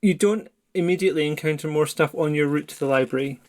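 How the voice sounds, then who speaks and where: A man running a tabletop horror game as game master, narrating in a relaxed, chatty way. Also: a little high, fast. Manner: relaxed, conversational narration with fillers.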